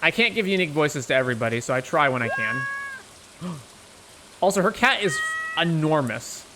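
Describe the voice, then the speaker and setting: A man's voice: fairly high pitch, expressive, moderate pace, noisy background. A man streaming a farming game, casually chatting and explaining his mods. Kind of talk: casual gameplay commentary.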